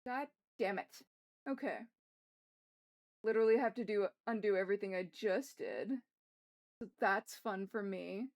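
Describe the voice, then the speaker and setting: A woman's voice: medium pitch, a little slow, long pauses. A young woman streaming live as she draws, muttering to herself in a frustrated, self-mocking way and swearing often. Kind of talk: casual live-stream chatter while drawing.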